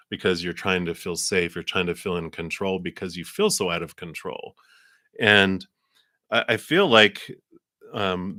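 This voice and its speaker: A man's voice: sits low, bright, forceful tone, no room sound, studio quality. A man giving a live tarot reading, talking in a rambling, meandering way full of fillers. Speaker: tarot reader.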